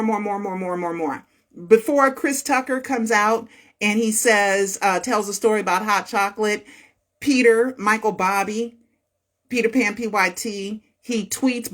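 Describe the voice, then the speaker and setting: A woman's voice: medium pitch, a bit bright. Chatty, emphatic woman vlogger. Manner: chatty, emphatic, repeats herself, laughs often. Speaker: online video host. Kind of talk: casual monologue to viewers.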